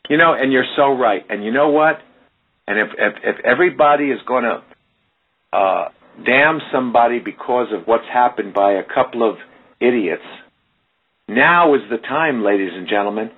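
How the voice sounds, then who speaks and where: Emphatic man with a husky voice on the radio. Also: medium pitch, moderate pace. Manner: emphatic, preachy, addresses listeners directly. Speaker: radio show host. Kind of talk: casual radio talk. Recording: tinny phone-line radio audio.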